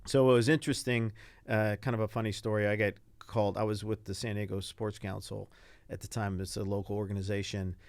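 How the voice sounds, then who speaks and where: An older man, a retired Navy pilot, telling animated stories as an interview guest and acting out the people he quotes. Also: lowish voice, fairly quick, dry recording. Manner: animated anecdotes, acts out quoted voices. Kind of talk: casual interview storytelling.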